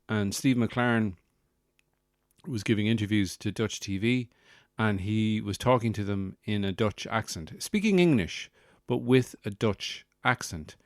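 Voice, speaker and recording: A man's voice: lowish voice, unhurried, dry recording, studio quality. A man hosting a comedic solo podcast, rambling and sardonic with lots of fillers. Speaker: podcast host.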